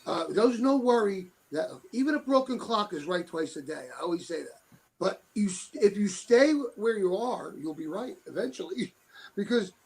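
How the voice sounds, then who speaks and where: A man's voice: sits high, a little mellow, husky, rough recording. A middle-aged man telling blunt, tough-talking stories as an interview guest. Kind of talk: casual interview talk.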